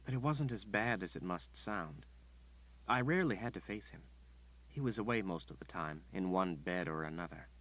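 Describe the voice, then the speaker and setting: A man voicing a demure, flattering noblewoman in an audiobook, speaking softly in a slightly raised voice. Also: sits low, moderate pace, dull audio, exaggerated voice.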